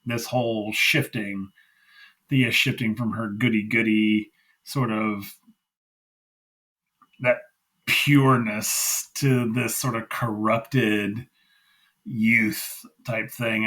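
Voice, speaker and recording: A man's voice: fairly low pitch, level tone, slow, pauses often, a bit bright, poor audio. A man co-hosting a wrestling review podcast, gushing and emphatic, repeating himself in casual chat. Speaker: podcast co-host.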